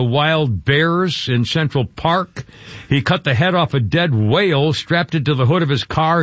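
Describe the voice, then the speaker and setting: A man hosts a talk radio show in a rambling, casual way, stumbling over his words and restarting sentences. His voice sits a bit high for a man. The broadcast sound is dry and a little dull. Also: a bit bright, no echo. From Georgia.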